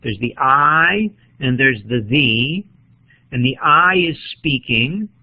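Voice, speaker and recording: A man gives a poetry lecture, thinking out loud as he marks up a poem with a pen. His mid-range voice is husky and expressive and he takes his time, though the audio sounds tinny, like a phone.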